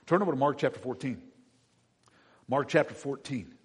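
A man preaching a sermon as pastor, animated, swinging between loud emphatic lines and quiet asides, acting out everyday voices as he goes. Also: medium pitch, moderate pace. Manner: acts out everyday voices in quotes. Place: church sanctuary. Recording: husky voice in a reverberant hall.

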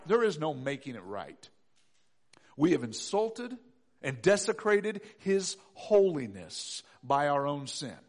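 It's a high male voice preaching a sermon with emphasis. The pastor repeats his key phrases and shifts back and forth between loud declarations and quiet, hushed lines.

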